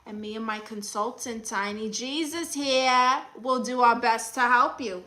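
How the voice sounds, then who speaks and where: A woman hosting a comedy livestream as an advice-giving aunt, chatting casually with a sassy, teasing manner and reading comments out loud. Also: a little high, a little slow, few pauses, low-quality recording. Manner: coos baby talk at her dog.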